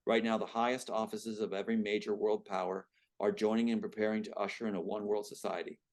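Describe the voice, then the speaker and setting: A cold, scheming government agent making quiet threats, read aloud by a man from his own screenplay. The delivery stays calm and menacing, in a fairly low voice. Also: fast, close to an everyday voice.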